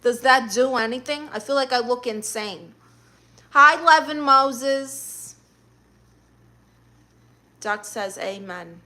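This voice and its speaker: A woman's voice: high voice, slow pace, long pauses, pushed and bright. A woman with a Brooklyn accent streaming live, reading viewer comments aloud and answering them with blunt, sassy comebacks. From Brooklyn, New York.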